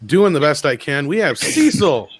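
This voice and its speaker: A man's voice: on the high side, big pitch swings, moderate pace, no echo. A man co-hosting a livestream, making joking, announcer-style introductions over a video call. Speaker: co-host and editor. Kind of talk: casual livestream chat.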